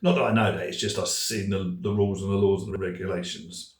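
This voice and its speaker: A man's voice: low voice, fairly even intonation, quick pace. Rambling, self-deprecating man. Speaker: speaker. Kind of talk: comic storytelling talk. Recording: distant, echoey room.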